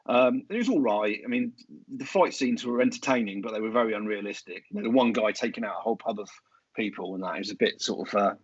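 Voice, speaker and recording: A man's voice: fairly low pitch, quick pace, breathy edge, dry recording. An English man co-hosting a podcast, chatting casually in an agreeable, laid-back way. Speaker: podcast co-host. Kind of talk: casual chat. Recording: dull lo-fi podcast audio.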